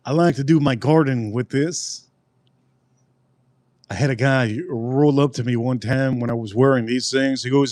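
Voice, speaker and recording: A man chatting casually on a live stream, wandering from topic to topic and saying each line twice or three times. His voice sits at an ordinary middle pitch, and the sound is dry and close with no room around it. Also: normal speed, darkish tone, dry recording. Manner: rambling, repeats phrases, talks straight to chat. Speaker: livestream host reviewing drinks.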